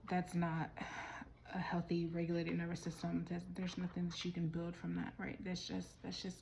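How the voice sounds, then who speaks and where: Woman tarot reader, casual and rambling, winded, flat delivery with little pitch movement. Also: moderate pace, creaky, very noisy. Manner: rambling, restarts and trails off mid-thought. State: out of breath.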